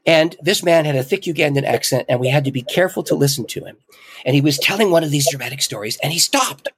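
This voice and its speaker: A middle-aged man, a podcast guest, telling a story in an animated way with frequent chuckles. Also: on the high side, fast, husky, no room sound, soft background music. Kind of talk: casual storytelling in an interview.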